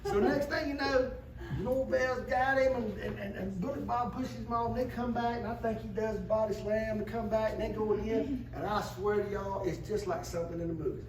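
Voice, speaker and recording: A man's voice: high voice, noisy background. A man telling a story live in a folksy, emphatic way. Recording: echoey room, distant mic, loud audience.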